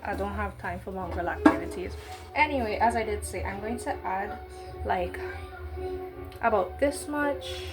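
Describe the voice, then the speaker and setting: A woman's voice: medium pitch, lively intonation, normal speed, over loud music. A woman chatting casually as she bakes, with cheeky slangy asides. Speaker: baking vlogger. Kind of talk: casual baking vlog.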